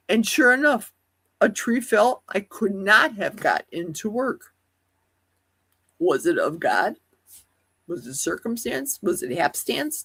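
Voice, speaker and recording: A woman hosting a casual livestream chat, with a high, youthful-sounding voice, rambling and asking many rhetorical questions. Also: creaky, a bit bright, husky. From Wisconsin. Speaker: livestream host. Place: at home in a forest.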